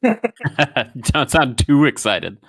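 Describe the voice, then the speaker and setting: A man co-hosting a podcast, chatting casually with dry, quick-witted remarks. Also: medium pitch, wildly swooping pitch, fairly bright tone, husky, no echo. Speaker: podcast co-host. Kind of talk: casual chat.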